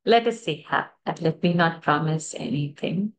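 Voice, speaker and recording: A woman's voice: deep voice, unhurried. A woman teaching a scripture chanting class over a video call, chatting casually, laughing often and trailing off mid-sentence. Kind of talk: casual online class chat.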